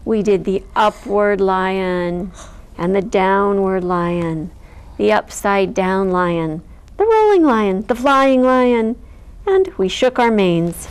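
A woman's voice: medium pitch, lively intonation, slow, clear, resonant tone. A woman reading a children's picture book aloud at storytime, in a playful way with frequent small laughs. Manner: playful, laughs between lines. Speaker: storytime reader.

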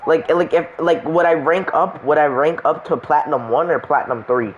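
A man's voice: on the high side, moderate pace, dull audio, a little hiss or hum. A young man streaming a game, chatting casually with friends, laughing often and swearing in joking banter. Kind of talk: casual gaming chat with friends.

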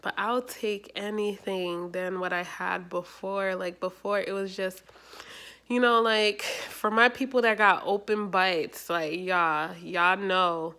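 A young adult woman chatting casually in a vlog, rambling and animated, with lots of fillers. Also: medium pitch, slow. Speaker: YouTuber.

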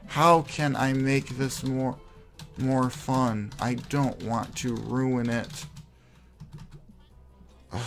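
A man's voice: medium pitch, fairly even intonation, takes it slowly, vocal fry, soft background music. A man giving melodramatic gameplay commentary, sighing heavily and lamenting in theatrical self-pity. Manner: theatrical self-pitying despair with heavy sighs. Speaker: gameplay video creator.

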